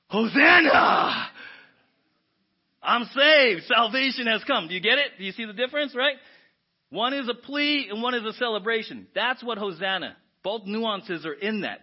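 A man preaching a sermon as pastor, animated and often asking the congregation "right?". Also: high voice. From United States. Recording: dull lo-fi church audio.

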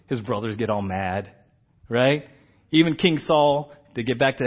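A man's voice: medium pitch, sing-song, normal speed. A middle-aged man preaching a sermon in a conversational way, often checking in with "right?" and acting out quotes, in a slightly muffled recording. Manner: conversational, keeps asking "right?"; acts out quoted characters with big swings in loudness. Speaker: pastor.

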